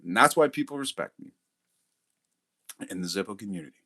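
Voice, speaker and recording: A man's voice: fairly low pitch, lively intonation, a little fast, bright, forceful tone. A middle-aged man hosting a livestream, chatting casually, reading comments aloud, and swearing constantly as he boasts and rants. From Canada. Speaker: livestream host.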